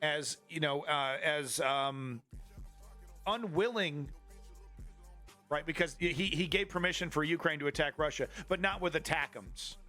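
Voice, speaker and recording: A man rants on a live stream with a slightly high, forceful voice. He swears freely and stays flippant, stumbling and restarting his sentences. Faint music plays underneath. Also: a little slow, pauses often. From Canada. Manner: profane, flippant, repetitive restarts. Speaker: political commentary streamer. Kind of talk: live-streamed political rant.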